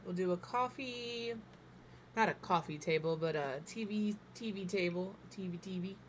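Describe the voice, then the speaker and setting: A woman's voice: medium pitch, moderate pace, a little hiss or hum. A woman in her thirties chatting casually while she builds, thinking aloud and joking at her own expense, sometimes with her mouth full. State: talking while eating. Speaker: game builder streamer.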